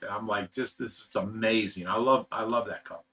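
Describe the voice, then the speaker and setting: An American man with a lowish, steady voice hosts a casual livestream from a fish rescue at a moderate, slightly bright pace. He reads viewer comments aloud, chuckles often and trails off with "you know."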